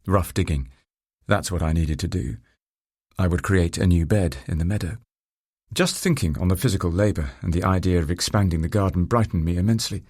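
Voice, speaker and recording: A man narrating a first-person story in a reflective, measured and formal way. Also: sits low, a little mellow, breathy edge, no echo, clean studio sound.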